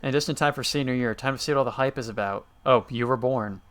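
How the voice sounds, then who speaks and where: A man's voice: mid-range voice, fast, fairly bright tone, smooth. A man streaming a game, reading its messages aloud in an easygoing running commentary.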